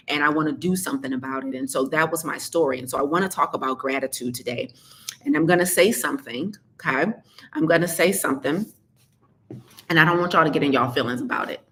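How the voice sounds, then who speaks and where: A woman's voice: low-pitched, fairly bright tone. A woman health coach talking straight to her listeners, sassy and emphatic, repeating points for effect. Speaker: health coach and podcast host. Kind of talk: direct-to-listener motivational talk.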